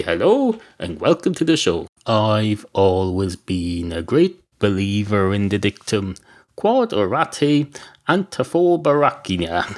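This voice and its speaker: An Irish man with a lowish voice hosts a comedy podcast, rambling through a deadpan monologue. His delivery is loose and full of fillers. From Ireland. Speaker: podcast host.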